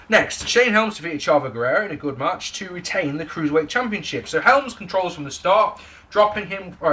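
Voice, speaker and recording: Animated, sweary young man. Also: a little high, slight background noise. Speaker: wrestling reviewer. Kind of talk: casual spoken review to camera.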